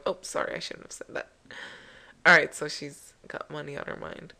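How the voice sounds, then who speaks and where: Woman let's play host, low-pitched, rambling and jokey. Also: normal speed, creaky, sharp tone. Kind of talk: casual gameplay commentary.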